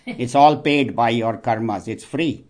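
A man voicing an old saint at heaven's gate in a told joke, calmly reassuring. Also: mid-range voice, unhurried, close to an everyday voice. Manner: reassuring, matter-of-fact. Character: genial elderly gatekeeper saint welcoming souls.

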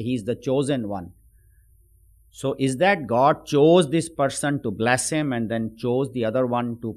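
A man giving a spiritual discourse on scripture, explaining patiently with everyday examples and many fillers. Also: mid-range voice. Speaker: spiritual teacher.

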